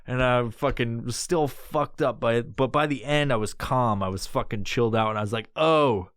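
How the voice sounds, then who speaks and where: A man in his thirties, hosting a podcast, talks a little fast and smoothly as he wanders through a crude story, loudly squeaking out other people's words when quoting them. The sound is dry and studio-clean.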